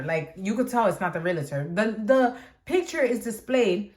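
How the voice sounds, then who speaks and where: A woman's voice: mid-range voice, animated, moderate pace, a little mellow. A young woman vlogger telling a storytime tale in a chatty, dramatic way, full of fillers like "like". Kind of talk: storytime vlog.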